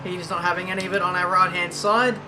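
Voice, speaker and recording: A man's voice: high voice, little pitch movement. A young man giving casual, self-mocking commentary while playing a racing game. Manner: chatty, self-mocking, quick exclamations. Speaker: gaming YouTuber. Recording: game audio and engine noise behind.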